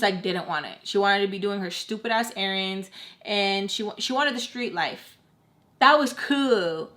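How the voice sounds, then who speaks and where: A woman's voice: medium pitch, sharp tone. A young woman vlogger telling a personal story in a casual, candid way, swearing freely and saying "like" often. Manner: candid and blunt, swears freely, chatty with many "like"s. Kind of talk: casual storytime while doing makeup.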